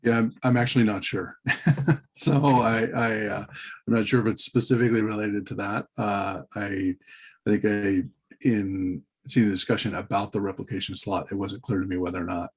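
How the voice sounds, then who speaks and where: A man's voice: fairly low pitch, steady tone, normal speed, breathy edge. A man in a work meeting on a video call, talking hesitantly with many restarts and fillers. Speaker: meeting participant. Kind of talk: casual work meeting talk.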